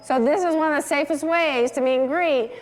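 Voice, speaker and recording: Woman, dog trainer, high voice, direct and coaxing, reverberant hall. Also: a little fast, music in the background. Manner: direct, coaching, talks to dogs in a sing-song. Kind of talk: hands-on class instruction.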